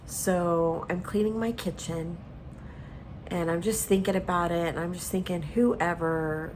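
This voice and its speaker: A woman's voice: lowish voice, fairly even intonation, moderate pace, noisy background. A woman cooking in her home kitchen and telling a personal story in an earnest, casual way. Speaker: cooking vlogger. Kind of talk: casual chat while cooking.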